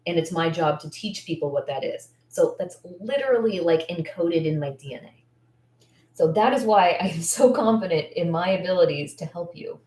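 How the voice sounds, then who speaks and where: A woman's voice: on the low side, expressive, normal speed, dark tone, reverberant. A woman business coach chatting on a livestream, candid and effusive, rambling with lots of likes and restarts. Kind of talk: casual livestream chat.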